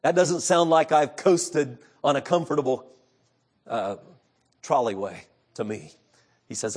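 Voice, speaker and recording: A man preaching an evening sermon, earnest, moving between hushed, quiet passages and impassioned outbursts. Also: medium pitch, measured pace, pauses often, breathy edge.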